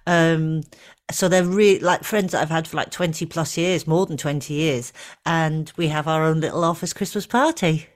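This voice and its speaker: A middle-aged woman co-hosting a podcast in casual chat, talking easily with fillers and gentle teasing. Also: sits low, steady tone, moderate pace. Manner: chatty, warm teasing, trailing fillers. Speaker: podcast co-host.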